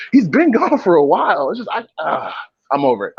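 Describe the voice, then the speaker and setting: A man co-hosting a casual podcast, telling an animated, profane story and roasting a stranger between laughs. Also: a little high, a little fast, gravelly, breathy edge, dry recording. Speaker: podcast co-host. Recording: dull lo-fi sound.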